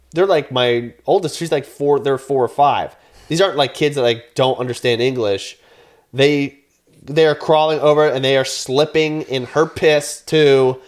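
Guy in his 30s on a podcast, swearing, telling a wild story all animated. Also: a little high. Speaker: podcast co-host. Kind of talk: casual chat.

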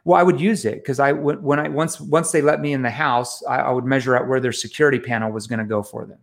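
A man as an interview guest, telling lively, self-mocking sales stories with frequent restarts. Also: mid-range voice, fast, gravelly. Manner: animated, self-mocking anecdotes with many restarts. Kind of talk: storytelling in a casual interview.

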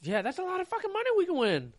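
A man's voice: very high voice, wildly swooping pitch, rapid-fire. A man in casual podcast chat, laid-back and profane, often laughing as he talks. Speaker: podcast co-host.

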